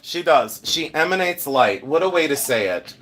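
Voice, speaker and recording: A man's voice: on the high side, lively intonation, normal speed. Effusive chatty man hosting a live sale. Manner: chatty, effusive, thanks viewers warmly by name. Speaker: livestream host selling vintage jewelry. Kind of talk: live-stream chat with viewers.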